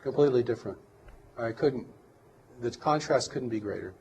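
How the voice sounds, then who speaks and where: A man giving an interview as a guest, talking in a calm, reflective and earnest way. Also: medium pitch, moderate pace, gravelly, a little hiss or hum, low-quality recording. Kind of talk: interview talk.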